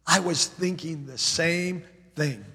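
A man preaching who voices a steady, generous husband, speaking slowly and solemnly. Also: fairly high pitch, husky, big-room sound, exaggerated voice. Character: steady generous husband, church pledge recorder.

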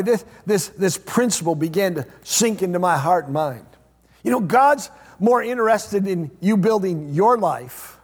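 A man preaching a sermon as pastor, repeating phrases and swinging between loud emphatic lines and hushed low ones. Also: breathy edge. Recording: long hall reverb.

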